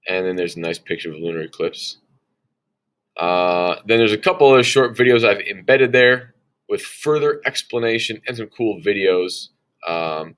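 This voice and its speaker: Male teacher, slightly low voice, laid-back chatty walk-through of the day's lesson. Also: fairly bright tone. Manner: casual and chatty, with frequent "all right?" check-ins; folksy asides. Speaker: science teacher.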